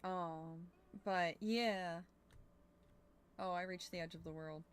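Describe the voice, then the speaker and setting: A woman's voice: fairly low pitch, steady tone, slow, long pauses, slight background noise. A young woman streamer chatting casually while playing a game, thinking aloud and swearing now and then. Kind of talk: casual gameplay chat.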